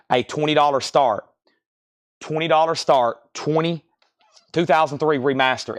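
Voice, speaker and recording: Brisk man hosting a record auction. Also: fairly high pitch, no echo, studio quality. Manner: brisk, repeats titles and prices, chatty asides. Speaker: live sale host. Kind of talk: live-stream record auction patter.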